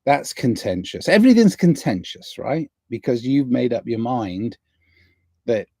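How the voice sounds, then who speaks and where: A man muses aloud on his livestream about inner balance and kindness. He speaks slowly and unhurriedly, with a mellow, dark tone. The sound is dry and close, with little room echo. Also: mid-range voice. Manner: slow, musing, drifting between soft and emphatic. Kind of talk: rambling spiritual monologue. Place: indoors near a window.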